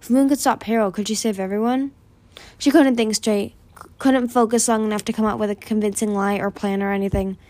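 A woman's voice: medium pitch, steady tone, fairly quick, a little mellow, no echo. A woman reading a young-adult fantasy novel aloud, lifting her voice for urgent dialogue. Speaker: audiobook reader. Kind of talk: fan audiobook reading.

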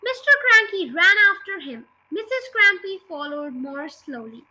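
A woman's voice: very high voice, very animated, normal speed, few pauses, bright, forceful tone, low-quality recording. A woman hosting a podcast, chatting cheerfully with listeners and narrating a children's storybook. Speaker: podcast host reading a children's book.

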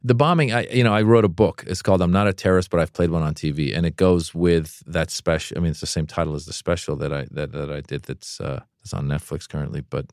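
A man, a comedian, telling a long story in a casual interview. He talks in an animated way and acts out other people's voices with big jumps in pitch. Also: fast talker, few pauses, no echo, studio quality. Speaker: comedian guest.

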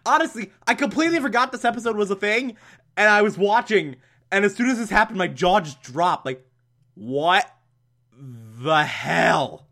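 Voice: medium pitch, lively intonation, fairly quick, fairly bright tone. A reviewer recapping an old TV episode in casual, sarcastic, exasperated commentary. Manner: sarcastic, exasperated, bursts into laughter.

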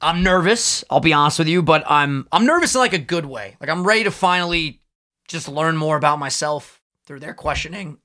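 Pushed and bright, this co-host's voice sits on the high side at a normal speed. He's a man in his twenties trading loose, swear-filled jokes in a laid-back podcast conversation.

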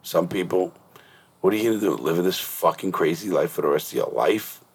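A man's voice: sits low, a little fast, breathy edge. A middle-aged man hosting a podcast, telling blunt, profane stories in casual interview chat. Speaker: podcast host.

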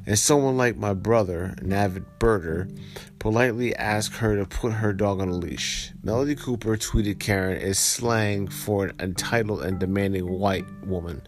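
Low-voiced man, blunt podcast host. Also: moderate pace, soft background music. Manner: blunt and profane, heated when ranting. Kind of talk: reading a news story aloud, then ranting commentary.

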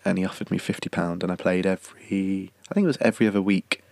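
Low gravelly man with a cough. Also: steady tone, fast, dry recording. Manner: rambling, self-correcting, chatty. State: slight cough. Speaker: podcast host and singer-songwriter. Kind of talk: casual chatty monologue.

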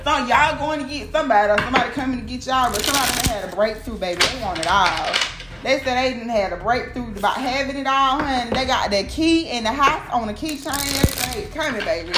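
A woman doing a casual tarot reading, animated and profane, talking straight to her viewers. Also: a little high, fast. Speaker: tarot reader. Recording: echoey room with clear background noise.

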